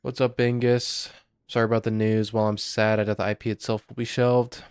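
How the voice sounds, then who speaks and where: A man's voice: fairly low pitch, flat delivery, fairly quick, a little mellow, clean tone, dry recording. A young man streaming a game and chatting casually with viewers, sighing and emotional, on the verge of tears. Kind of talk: casual live-stream chat.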